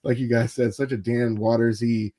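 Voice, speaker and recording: A man's voice: medium pitch, level tone, normal speed, warm tone. Enthusiastic mid-voiced man on a panel. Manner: enthusiastic, laughs often, fillers. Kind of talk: casual panel chat.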